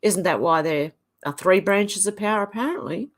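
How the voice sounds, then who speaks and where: A woman's voice: mid-range voice, normal speed. An Australian woman hosting a livestream, reading viewers' comments aloud one after another and adding short offhand remarks. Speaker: livestream host. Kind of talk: casual livestream chat reading.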